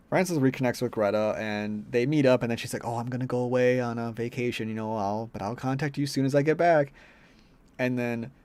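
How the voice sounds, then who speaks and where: A man's voice: lowish voice, a little mellow. A man giving a casual, rambling film review, blunt and profane, with many fillers. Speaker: movie reviewer.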